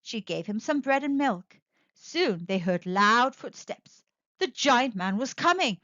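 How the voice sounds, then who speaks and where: A woman reading a picture book aloud to children, narrating with expressive, animated storytelling. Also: a little high, measured pace, no echo, highs cut off. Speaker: storyteller, channel host.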